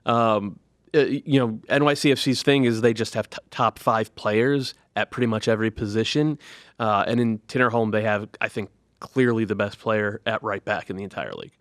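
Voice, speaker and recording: A man co-hosting a sports podcast, giving measured, step-by-step tactical analysis in a casual way. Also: on the low side, dry recording, studio quality.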